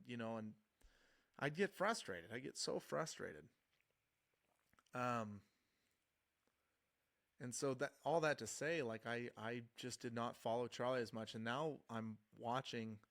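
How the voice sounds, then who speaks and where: A man's voice: medium pitch, fairly bright tone. A young adult man talking to camera in a casual reflective monologue, earnest and rambling, with frequent restarts and fillers. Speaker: vlogger.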